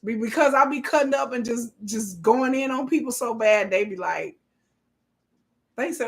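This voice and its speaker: A woman, probably in her thirties, hosting a casual live stream and telling sassy, animated stories with bursts of laughter. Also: a little high, normal speed. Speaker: livestream host.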